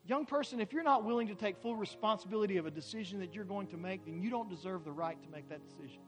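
A man preaching a sermon as a pastor, building emphatically to loud climaxes and having the congregation repeat phrases. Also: high-pitched, fast, over music. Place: church sanctuary.

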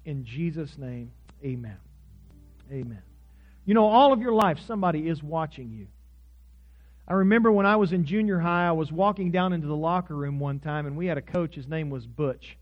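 A man's voice: on the high side, brisk, faint music behind. A man from Oklahoma who is a pastor, preaching a sermon earnestly, telling stories and leading prayer, in a dull lo-fi recording.

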